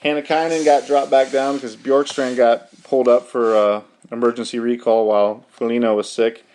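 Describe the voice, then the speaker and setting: A man's voice: medium pitch, flat delivery, normal speed, darkish tone, slight background noise. A young man hosting a podcast, rattling off hockey scores in a profane, rambling, mock-outraged casual rundown. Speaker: podcast host.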